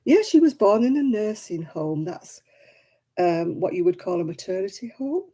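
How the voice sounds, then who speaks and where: A woman's voice: medium pitch, big pitch swings, normal speed, dark tone, breathy edge. A woman from Oldham in England with a Lancashire accent, chatting casually while crafting on a live stream and answering viewer comments. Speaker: crochet vlogger.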